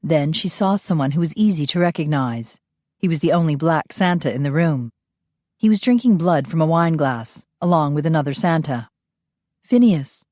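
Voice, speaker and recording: Woman, audiobook narrator, low voice, dry close read, steady, measured. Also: no room sound.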